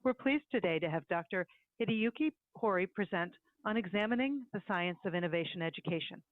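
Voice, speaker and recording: Female webinar host, fast scripted intro, thin phone-line audio. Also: lowish voice, expressive, no echo. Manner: brisk, read-out delivery.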